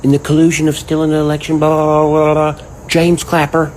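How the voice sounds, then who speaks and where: Man, ranting commentator, slightly higher voice, profane rambling delivery, crickets faint behind. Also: fairly quick, a little hiss or hum, rough recording. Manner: profane, rambling, animated, quotes people in mock voices. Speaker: online commentator. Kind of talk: casual rant to camera.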